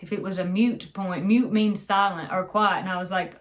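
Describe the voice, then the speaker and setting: A woman's voice: medium pitch, a little slow, rough recording. A woman with an Appalachian accent, co-hosting a casual chat and laughing often. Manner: chatty, laughs often, excitable. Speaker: co-host.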